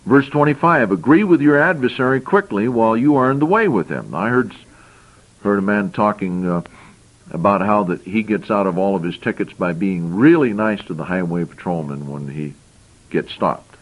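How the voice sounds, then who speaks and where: A man's voice: fairly low pitch, expressive, moderate pace, low-quality recording. A man preaching a sermon, reading scripture verses aloud and explaining them, with frequent repeated phrases.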